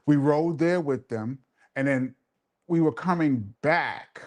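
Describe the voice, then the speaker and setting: A man's voice: on the high side, slow pace. A man hosting a live show and telling a laid-back, laughing story in casual street slang. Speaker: host and DJ.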